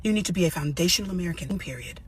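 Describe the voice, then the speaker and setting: A woman posting an angry video rant, agitated, shouting and cursing as she goes. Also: fairly low pitch, lively intonation, rapid-fire, slightly rough. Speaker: social media poster.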